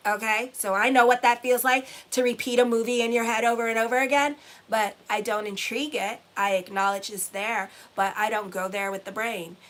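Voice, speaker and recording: Talking casually to her audience, this middle-aged astrologer and tarot reader of Haitian descent is blunt and profane, hammering points home by repeating phrases. Her voice is fairly high with a fairly bright tone, and the talk is motivational.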